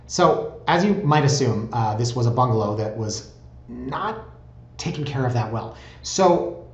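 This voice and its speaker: A chatty man with a middle-range voice gives casual, sarcastic commentary on home listings and often wanders off on tangents. The sound is roomy and a little dull. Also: medium pitch. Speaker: real estate blogger. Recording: roomy, slightly dull recording.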